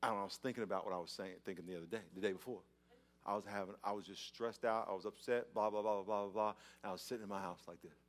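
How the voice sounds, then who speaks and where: A man's voice: fairly low pitch, very fast. A male pastor preaching a sermon, telling stories with acted-out scenes, often repeating and restarting his words. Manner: animated storytelling, acts out scenes.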